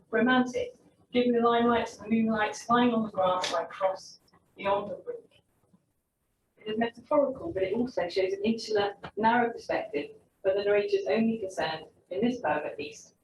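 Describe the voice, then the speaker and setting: A young woman presents her literary essay, reading steadily and breaking off into wry, self-interrupting asides. Her voice sits at a middle pitch and carries a roomy echo, with the mic set some distance away. A faint hum of ambience runs underneath.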